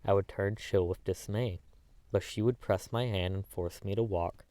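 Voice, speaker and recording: Low-voiced guy reading an old novel aloud, pretty even delivery, dry close mic. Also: normal speed, dry recording. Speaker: audiobook narrator. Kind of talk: audiobook reading of a classic novel.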